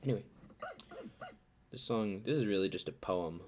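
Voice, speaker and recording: A man's voice: low voice, expressive, a little slow, long pauses, background noise. A man, a singer-songwriter, chatting casually between songs into his own studio microphone, rambling and correcting himself as he goes. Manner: rambling, self-correcting, trailing off into mumbled asides. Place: indoors, dry-sounding room. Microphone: own studio microphone, headphones on. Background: acoustic guitar.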